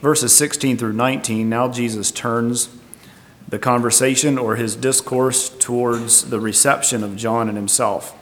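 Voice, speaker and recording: A man's voice: mid-range voice, steady tone, unhurried, fairly bright tone, a little hiss or hum. A man preaching a Bible teaching sermon, explaining verse by verse in a thoughtful, tentative way. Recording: long reverb.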